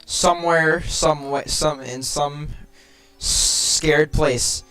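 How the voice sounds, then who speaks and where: A man's voice: a little high, steady tone, very slow, pushed and bright, clear, resonant tone, faint music behind. A young man reading a creepypasta aloud with friends, mocking it sarcastically and cracking crude jokes.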